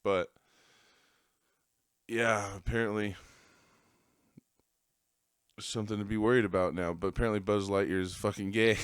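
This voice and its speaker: A man's voice: lowish voice, steady tone, unhurried, pauses often, clean tone, no room sound, clean studio sound. A man hosting a podcast, telling a rambling, profane story in a casual monologue and laughing at his own jokes. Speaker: podcast host.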